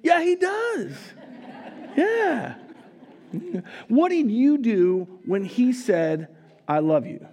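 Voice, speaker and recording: A man's voice: very high-pitched, sing-song, drawn-out words, long pauses, a little mellow. A man preaching a live sermon in a church, teasing his congregation and laughing often as he talks. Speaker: pastor. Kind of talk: live sermon with audience interaction. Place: church sanctuary.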